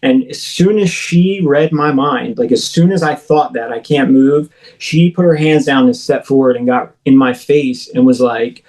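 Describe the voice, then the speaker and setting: A man's voice: medium pitch, normal speed, hardly any pauses, a little mellow, poor audio. A man who is a podcast guest, telling a personal encounter story in a casual, rambling way, full of "like" and "you know" and restarting sentences midway. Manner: self-correcting, restarts mid-sentence.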